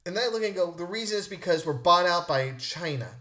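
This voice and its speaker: A man's voice: sits high, expressive, fast talker, bright, forceful tone. A man hosting a podcast, ranting indignantly and mimicking others in mocking voices. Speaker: podcast host. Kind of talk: opinion rant monologue.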